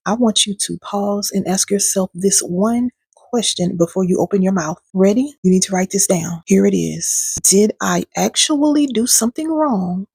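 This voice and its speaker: A woman's voice: mid-range voice, creaky, darkish tone, husky, no echo. A woman host, coaching her viewers in a direct-to-camera talk, preachy and sassy, calling them pet names. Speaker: healing coach and video host.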